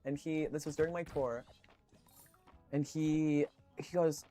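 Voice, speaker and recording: A man's voice: a little high, fairly even intonation, a little slow, dark tone, soft background music. A man streaming, chatting casually with viewers, telling rambling stories full of swearing and fillers.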